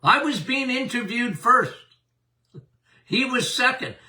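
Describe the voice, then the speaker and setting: A man's voice: very high-pitched, expressive, takes it slowly, pushed and bright, recorded from a distance. An older man, a doctor hosting a podcast, talking casually about health and speaking straight to his listeners in a folksy way. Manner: folksy, addresses listeners directly.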